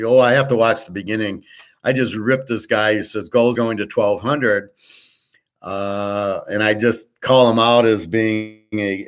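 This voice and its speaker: A man with a fairly low voice rants his way through casual commentary. He is blunt and profane and opinionated, and he talks in a loose, rambling way. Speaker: host.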